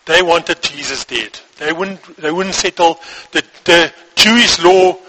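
Man reading a bible passage and explaining it, husky, kinda bright tone, stumbles now and then. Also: fairly high pitch, unhurried, poor audio. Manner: reads, then breaks off to explain; occasional restarts and stumbles. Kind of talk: scripture reading with commentary.

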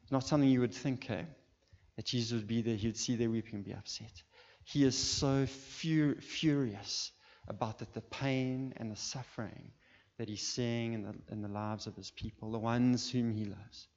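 A man's voice: medium pitch, fairly even intonation, moderate pace, darkish tone. A male pastor preaching a passionate sermon, building up to fervent calls to his listeners. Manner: impassioned, rising to calls. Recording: dull sound with long hall reverb.

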